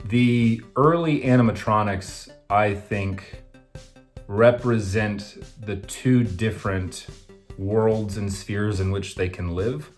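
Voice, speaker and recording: A man's voice: fairly low pitch, slow, faint music behind. A man chatting thoughtfully and analytically as a panelist. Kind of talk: casual chat.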